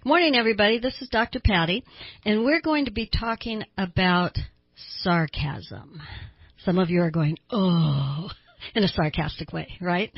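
Woman radio host, therapist, earnest explaining, breathy tone, muffled broadcast sound. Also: medium pitch, no echo. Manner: explanatory, earnest, with small laughs. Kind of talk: radio talk show monologue.

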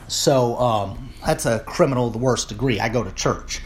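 American guy ranting on his vlog, rambly with lots of ums, gets loud and indignant, faint hiss behind. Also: medium pitch, moderate pace, few pauses. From United States. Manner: rambling with many fillers and restarts, rising to indignant shouting. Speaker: political commentator. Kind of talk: political rant vlog.

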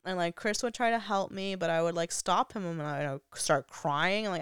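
A woman's voice: lowish voice, fast talker, few pauses, smooth, no echo, studio quality. A young woman vlogger telling a personal story in a casual, chatty way, full of "like" fillers and frequent laughs. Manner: laughs often while talking.

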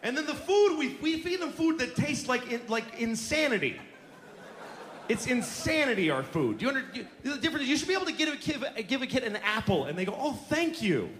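A man's voice: very high-pitched, sing-song, a little fast, a bit bright, slight background noise. A man doing stand-up comedy in a theater, ranting in an exasperated, profane way. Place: theater stage. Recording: echoey theater, audience laughter.

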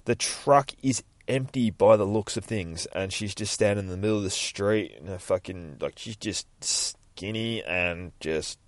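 Low-voiced swearing podcaster. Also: male voice, animated, moderate pace, no room sound, studio quality. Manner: crude, swearing, rambling. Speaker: podcast host. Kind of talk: casual comic book retelling. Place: outdoors near his workplace.

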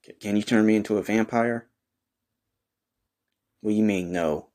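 A man with a low, deep voice runs an improvised comedy bit. He talks brash, slangy and profane. He argues with a partner who is never heard. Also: steady tone, normal speed, a little mellow. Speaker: comedy podcast host in character.

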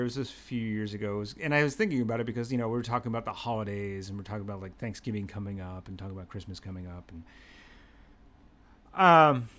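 A young adult man from Pennsylvania hosting a podcast, telling a story in a rambling, animated, self-mocking way and swearing freely. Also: medium pitch. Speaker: podcast host. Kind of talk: casual storytelling monologue.

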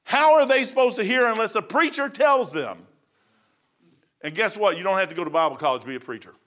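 A middle-aged preacher from Kentucky delivers an informal, folksy sermon in a conversational style, often saying "man." His high voice is a bit bright, with lively intonation and a brisk pace.

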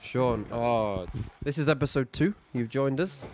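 A man's voice: mid-range voice, measured pace, a little mellow, slight background noise. A young man hosting a comedy podcast, doing a running, easily amused play-by-play of a football match. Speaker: podcast host, football commentator. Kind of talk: comic mock football commentary.

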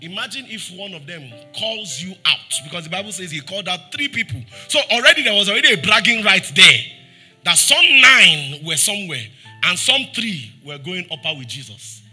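A man's voice: animated, normal speed, breathy edge, faint music behind. A Nigerian man preaching a sermon as pastor, throwing rhetorical questions at the congregation and acting out scripture quotes. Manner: acts out scripture quotes, dropping soft and low for pleading lines.

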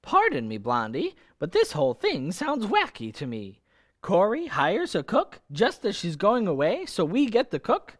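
Dagwood a flustered stammering husband. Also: male voice, high voice, wildly swooping pitch, a little slow, exaggerated voice. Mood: exasperated. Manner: nervous, stammering with many uhs. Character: flustered, bumbling young husband. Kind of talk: 1940s radio acting.

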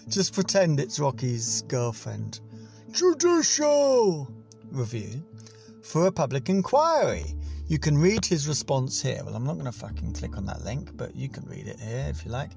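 A man's voice: medium pitch, vocal fry, darkish tone. A man hosting a casual solo podcast, rambling and swearing and laughing at his own jokes. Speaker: podcast host.

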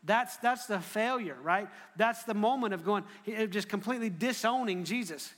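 A man preaching a sermon, telling the story in an animated way and often restarting his phrases. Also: high-pitched, normal speed. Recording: echoey hall.

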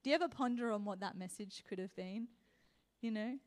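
A young woman preaching a sermon, telling a personal story and building to passionate, loud exhortation. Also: medium pitch, fairly quick. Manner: impassioned, rising to loud exhortation.

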